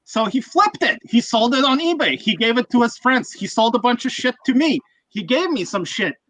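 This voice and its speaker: Male streamer, crisp bright tone, dry mic, foul-mouthed and rambling. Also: very high-pitched, expressive, moderate pace, no room sound, poor audio. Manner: profane, ranting, rambling. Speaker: livestream host. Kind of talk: casual livestream chat.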